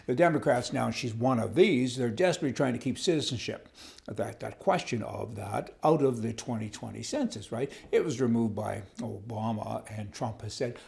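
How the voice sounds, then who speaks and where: A man with a gravelly, creaky edge to his voice, ranting through a political opinion piece. He sounds indignant and sarcastic, stumbling over fillers and repeating himself as he goes. His pitch sits right in the middle for a man. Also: expressive, fairly quick, a little mellow. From Canada. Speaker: political commentator. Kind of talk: opinion monologue.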